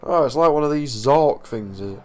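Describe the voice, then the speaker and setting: A man's voice: medium pitch, expressive, moderate pace, a little mellow, faint music behind. A young man who plays a horror text adventure on his channel, reading the game's text dramatically and breaking off into jokey asides and laughter. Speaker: gaming YouTuber.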